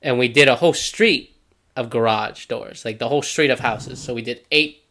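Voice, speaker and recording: A man's voice: mid-range voice, normal speed, pushed and bright. A young man co-hosting a podcast, telling a casual story in a laid-back, slangy way and laughing often. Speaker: podcast co-host.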